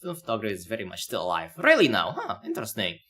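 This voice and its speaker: A man's voice: lowish voice, wildly swooping pitch, very fast, sharp tone, slightly rough. A man streaming live, reacting to a video in a loose, rambling way with many fillers. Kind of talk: casual live-stream commentary.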